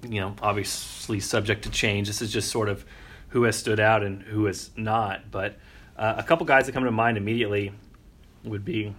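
Bright-voiced man talking sports. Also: lowish voice. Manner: conversational, restarts phrases while explaining. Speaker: sports podcast co-host. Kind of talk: casual sports analysis chat.

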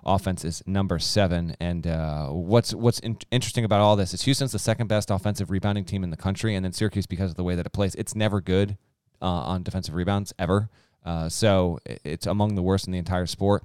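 A man's voice: deep voice, fairly even intonation, fast talker, few pauses, darkish tone, clean tone, no room sound, studio quality. A man co-hosting a sports podcast, breaking down games in a teasing, matter-of-fact way. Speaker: podcast co-host. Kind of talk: casual sports chat.

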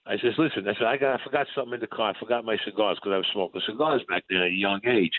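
A man, described as New, tells an old story at a very fast pace as an interview guest, animating every remembered line of dialogue with rising pitch. His voice comes through a tinny phone line, close and dry with no room sound.

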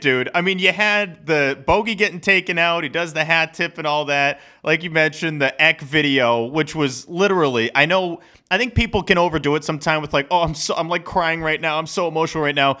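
A man co-hosting a podcast in casual, rambling sports chat, animated and laughing often. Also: a little high. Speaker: podcast co-host.

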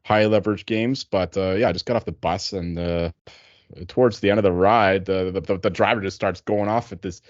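Low-voiced laid-back male co-host. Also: fairly even intonation, a little fast, dry recording, highs cut off. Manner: laid-back, laughing, swearing. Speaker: podcast co-host. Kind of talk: casual podcast storytelling.

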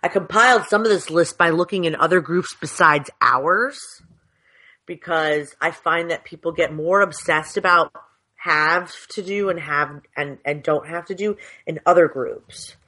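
Over a video call on a headset, a woman co-hosts a podcast, chatting in a rambling, frank way. Her deep voice sounds pushed and bright, and she speaks at a measured pace.

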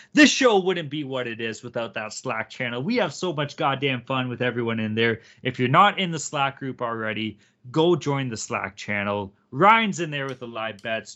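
A man's voice: medium pitch, bright, forceful tone, highs cut off. A man co-hosting a sports betting podcast, casual, profane and hyped as he talks. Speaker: podcast co-host.

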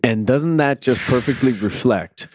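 Measured man discussing comics, dry close sound. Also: medium pitch, a little mellow, dry recording. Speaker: podcast co-host. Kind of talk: casual comic book discussion.

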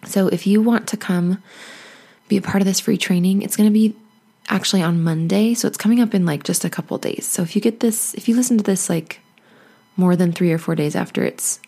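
Husky, gravelly-voiced mom podcast host. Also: female voice, on the low side, mellow. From United States. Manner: chatty, upbeat, encouraging. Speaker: podcast host and life coach. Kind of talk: casual solo podcast talk.

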